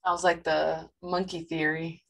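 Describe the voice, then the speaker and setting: A woman's voice: low-pitched, flat delivery, measured pace, gravelly, a bit bright, poor audio. Woman student telling a story casually. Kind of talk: class discussion.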